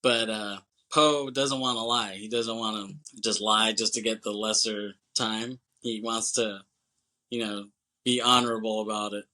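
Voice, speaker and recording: A man of average pitch with a sharp, bright tone, talking as a podcast co-host. He recaps a movie in loose, jokey chat and laughs often.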